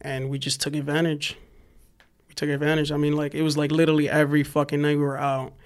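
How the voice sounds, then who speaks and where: A young man tells a wild story in casual chat. His voice sits a little high, and he talks animated and profane. He jumps into shouted bits to act out the people in it. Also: fast talker, clean tone. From New York. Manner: animated, profane storytelling, acts out yelling cops. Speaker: podcast guest, graffiti writer.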